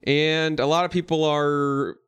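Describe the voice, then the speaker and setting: Smooth-voiced joking podcast host. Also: male voice, fairly high pitch, level tone, measured pace, a bit bright, no echo. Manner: jokey, steers the topics, laughs often. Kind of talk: casual chat.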